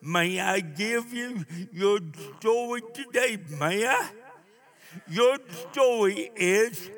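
An older man preaching a sermon, emphatic, with call-and-response and drawn-out phrases. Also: sits high, expressive, fairly bright tone.

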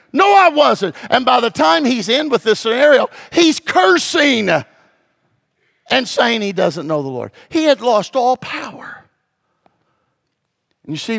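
Man, pastor, sermon, high voice, hushed to shouting, church. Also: gravelly. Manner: dramatic, swings from hushed to shouting.

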